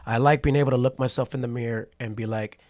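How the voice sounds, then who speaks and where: A man's voice: medium pitch, fast. A man in his forties from California, a podcast guest telling a story in a casual interview and acting out what people said. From Patterson, California. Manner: animated storyteller who acts out quotes and keeps asking "right?".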